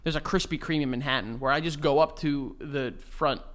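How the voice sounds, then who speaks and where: A young man, talking casually on a podcast with a voice pitched a little high. He tells crude stories with animated energy. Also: fairly quick. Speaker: podcast co-host. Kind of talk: casual chat.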